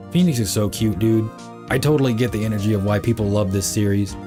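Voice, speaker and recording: A man's voice: on the low side, a little fast, over music. A young man giving casual, crude, joking gameplay commentary as a streamer. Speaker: game streamer.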